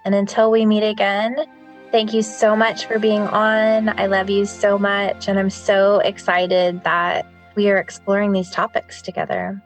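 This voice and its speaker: A woman's voice: mid-range voice, level tone, a little slow, faint music behind. A woman hosting a spiritual wellness podcast, talking in a gushing, affirming way. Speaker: podcast host.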